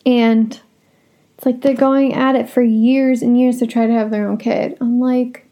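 Frank, swearing woman podcaster, mellow tone. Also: fairly high pitch, level tone, unhurried. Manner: blunt, frank and swears a lot. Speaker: podcast host. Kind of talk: casual solo podcast talk.

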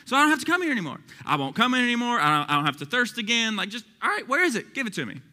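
A man's voice: very high voice, very animated, racing, sharp tone, big-room sound, voice pushed up, heavily acted. A man voicing a snarky woman who mocks the one she is talking to, in a sermon retelling. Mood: mocking. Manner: mocking, exasperated. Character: snarky mocking woman at a well.

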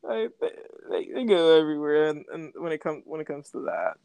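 A woman's voice: low-pitched, fairly quick, creaky, mellow, smooth, no echo. A young adult woman talking in casual podcast chat, laughing often and using lots of fillers. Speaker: podcast co-host.

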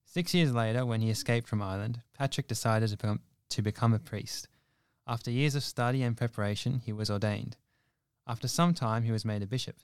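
Steady young man reading a story. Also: medium pitch, fairly quick, clean tone, no echo, studio quality. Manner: earnest, steady storytelling with small fillers. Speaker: presenter reading a saint's biography. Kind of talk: reading a biography aloud.

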